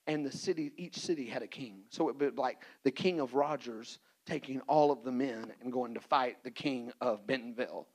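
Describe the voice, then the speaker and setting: A man preaching a sermon as pastor, animated and playful, acting out little scenes for the congregation. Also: mid-range voice, poor audio.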